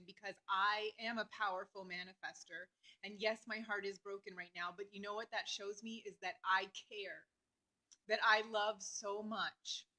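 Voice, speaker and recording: A woman vlogger talking earnestly and openly about her feelings, with many fillers and pauses. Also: mid-range voice, bright, forceful tone, rough recording. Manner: earnest, heartfelt, talks through emotion with many fillers. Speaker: astrology vlogger. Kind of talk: personal reflective talk to camera.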